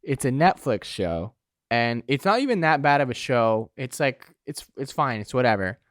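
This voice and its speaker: A man's voice: mid-range voice, big pitch swings, normal speed, no room sound. Young male podcast co-host, easygoing filler-heavy chat, dry mic. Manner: laid-back, says "dude" and "like" a lot. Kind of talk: casual chat.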